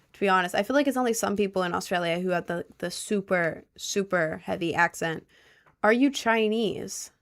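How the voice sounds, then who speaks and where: Young woman streamer, mid-pitched, casual, sarcastic while reading chat. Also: a bit bright. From Maryland, USA. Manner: playful, answers chat questions with dry sarcasm.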